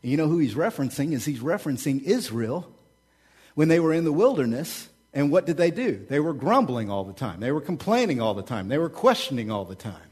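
A man, the pastor, preaching a sermon with energetic, repetitive rhetoric and casual asides. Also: a little high, brisk, husky.

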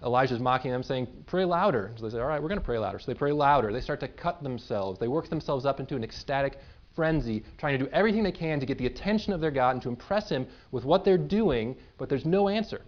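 A man's voice: medium pitch, fast talker, hardly any pauses, lo-fi sound. A man giving a sermon, reading scripture aloud and retelling it in casual everyday words. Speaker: pastor.

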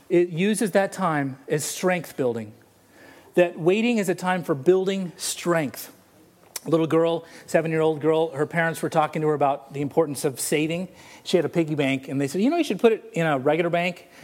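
A male pastor preaching a sermon in a church, mixing storytelling and humor. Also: fairly high pitch. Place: church sanctuary.

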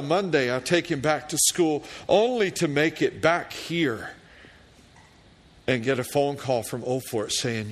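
A middle-aged man preaching in a church, speaking in a slow, measured cadence at an ordinary pitch. He lifts into fervent, louder scripture reading and settles back into quiet storytelling. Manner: slow, deliberate preaching that rises to fervent loud prayer readings. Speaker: pastor. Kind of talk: sermon.

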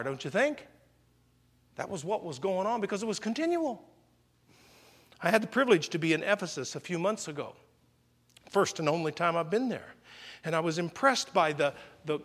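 A man preaching a sermon in a church, telling stories with lively swings between loud outbursts and hushed, slow emphasis. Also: high-pitched, in a large hall. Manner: animated storytelling, swings from loud exclamations to quiet emphasis.

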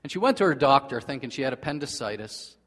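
A man preaching a sermon in earnest, swinging between loud emphasis and hushed, quiet passages. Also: mid-range voice, expressive, quick pace. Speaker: pastor. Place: church sanctuary. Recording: long reverb of a large hall.

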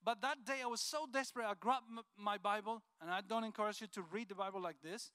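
A man shares an earnest, heartfelt personal testimony. His voice sits high and bright, smooth and clear, recorded with a dry, close sound. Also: fast talker, dry recording. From Colombia. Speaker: speaker sharing a personal testimony. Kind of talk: emotional personal testimony talk.

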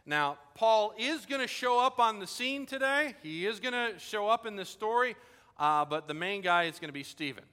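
High bright-voiced pastor in a hall. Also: male voice, moderate pace, clear, resonant tone. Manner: casual and animated, acting out quoted dialogue. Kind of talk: sermon with storytelling. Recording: long hall reverb.

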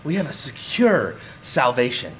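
A man's voice: medium pitch, wildly swooping pitch, a little slow, a bit bright, a little hiss or hum. A man preaching a sermon, emphatic and repeating words for stress. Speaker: pastor.

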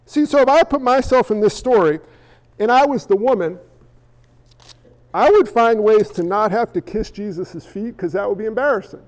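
A male pastor preaching an animated sermon, acting out the voices he quotes. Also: sits high, moderate pace. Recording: echoey hall, dull lo-fi sound.

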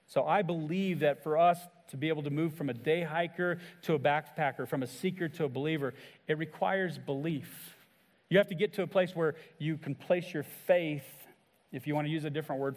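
A man delivers a sermon from the pulpit, his voice a touch higher than most men's. He preaches earnestly, and his voice swells or falls quiet as he acts out quoted words. A long reverb from the church hall trails behind each phrase. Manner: earnest preaching, acts out quoted lines with shifts in pitch and volume. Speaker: pastor.

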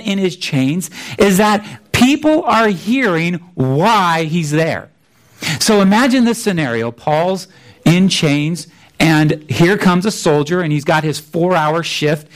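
High-voiced man preaching a sermon. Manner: conversational, restarts often, acts out voices of biblical figures. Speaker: pastor.

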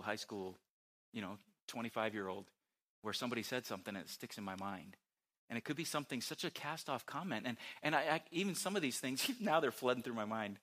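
Bright-voiced man preaching conversationally. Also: mid-range voice. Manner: chatty, self-correcting, laughs at himself. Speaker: pastor. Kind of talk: conversational sermon.

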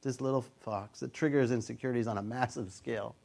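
A man's voice: mid-range voice, steady tone, fast talker, creaky, a little mellow, slight background noise. Conversational pastor in his fifties preaching. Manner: conversational preaching, acts out quoted voices. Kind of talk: sermon.

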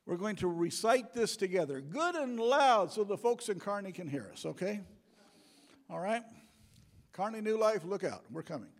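A man preaching a sermon to a congregation in a church, building to loud, emphatic calls. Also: lively intonation, normal speed. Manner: preaching with rising, booming emphasis. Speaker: pastor. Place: church sanctuary. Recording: long church hall reverb.

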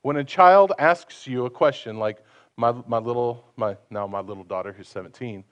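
A man's voice: mid-range voice, normal speed, clear, resonant tone, lo-fi sound. A man preaching a conversational sermon, asking his listeners questions and acting out the voices he quotes.

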